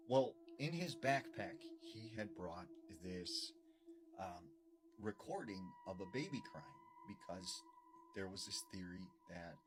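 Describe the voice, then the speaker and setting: A man casually retelling a true encounter story in a loose, conversational way, full of fillers. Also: lowish voice. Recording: background noise clearly audible.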